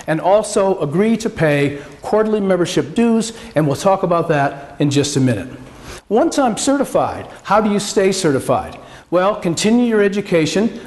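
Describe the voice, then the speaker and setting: A man giving a scripted corporate presentation, laying out requirements with upbeat, gently joking asides. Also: sits high.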